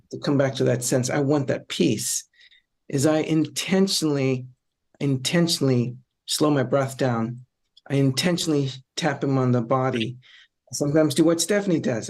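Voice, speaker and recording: A man's voice: medium pitch, darkish tone. A middle-aged man, a psychologist on a discussion panel, explaining in a reflective, conversational way with frequent ums and repeated phrases.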